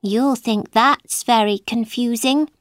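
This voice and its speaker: A woman's voice: a little high, steady tone, slow, dry recording, clean studio sound. A woman voicing an earnest young girl in a storybook reading, polite but easily annoyed.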